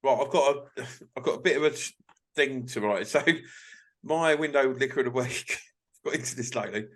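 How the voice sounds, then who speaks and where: A man's voice: mid-range voice, a little fast. A young man co-hosting a casual podcast chat, swearing often and breaking into laughs as he reads aloud. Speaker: podcast co-host.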